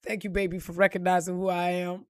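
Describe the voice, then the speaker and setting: A woman's voice: on the low side, flat delivery, quick pace, darkish tone, no echo, clean studio sound. A woman telling a personal story in casual, profane vlog style, acting out the quotes and laughing along.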